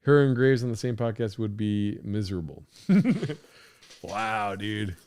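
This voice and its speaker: A man hosting a podcast, reacting to stream clips in casual, excitable, profane talk, laughing often. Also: fairly low pitch, a little slow, clear, resonant tone.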